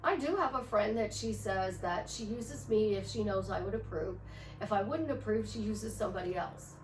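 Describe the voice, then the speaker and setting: A woman's voice: mid-range voice, moderate pace, a little hiss or hum. A woman life coach giving a casual motivational talk, chatty and storytelling, repeating affirmations. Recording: echoey room from far off.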